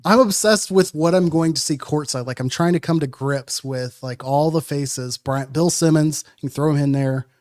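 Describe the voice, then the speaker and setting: A man's voice: on the high side, moderate pace, hardly any pauses, a little mellow. Rambling jokey man talking sports. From Madison, Wisconsin. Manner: rambling, jokey, many fillers. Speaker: podcast co-host. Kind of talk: casual sports chat.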